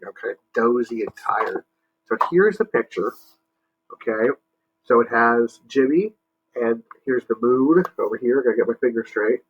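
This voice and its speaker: A male teacher reads a picture book aloud to children. His bright, slightly husky voice moves at a slow, patient pace. He pauses to explain words and invites the kids to join in, on a dull, lo-fi recording. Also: mid-range voice.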